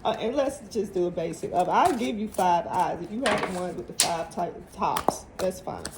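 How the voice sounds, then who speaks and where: Gravelly-voiced woman giving an emphatic tarot reading. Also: fairly low pitch, moderate pace, heavy background noise. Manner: emphatic, repeats phrases, motivational. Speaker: tarot reader. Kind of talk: casual tarot reading to viewers.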